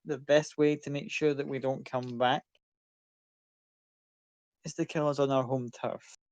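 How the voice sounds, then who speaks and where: A man's voice: medium pitch, flat delivery, measured pace, a little mellow, dry recording, highs cut off, natural voice. A man voicing a sly, scheming female fiend in a tabletop game, coy and teasing. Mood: confiding.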